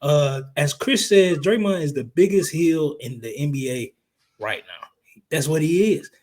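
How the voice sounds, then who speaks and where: A man co-hosting a casual sports podcast, talking in a profane, heated, emphatic way, his voice a little hoarse. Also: fairly high pitch, a little slow, a little mellow. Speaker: podcast co-host. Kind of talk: casual sports chat and rant.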